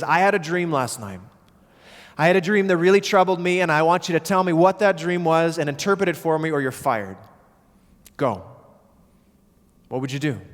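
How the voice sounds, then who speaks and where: A man preaches a sermon, his voice a little higher than most men's. He tells the story vividly and acts out the quoted voices. The sound carries a long reverb from the church hall. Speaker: pastor.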